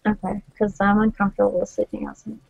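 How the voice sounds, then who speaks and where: A woman talks as a player in a tabletop role-playing game, hesitant and repeating herself. Her voice is gravelly and husky, with a mellow, dark tone. The recording sounds dull and lo-fi. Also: medium pitch, flat delivery, fairly quick. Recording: dull lo-fi audio.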